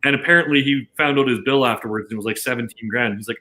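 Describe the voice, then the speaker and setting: A man's voice: mid-range voice, racing, hardly any pauses, sharp tone, poor audio. A man from Canada who works as a casino dealer, telling a long anecdote in casual chat, full of restarts and quoted dialogue. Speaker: casino dealer, podcast guest.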